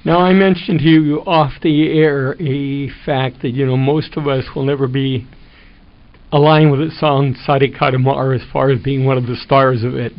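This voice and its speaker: A male radio host gently prompting his guest in a conversational way. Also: medium pitch, creaky. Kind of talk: interview questions. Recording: dull lo-fi radio sound.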